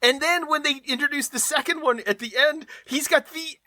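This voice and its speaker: A man's voice: very high voice, a little fast, pushed and bright, no room sound. A man co-hosting a podcast in casual chat, ranting with incredulous rhetorical questions. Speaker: podcast co-host.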